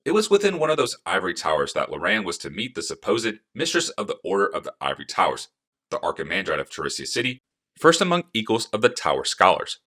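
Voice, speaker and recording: Low voiced guy reading an audiobook, lively storytelling, crisp bright tone. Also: quick pace. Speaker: narrator.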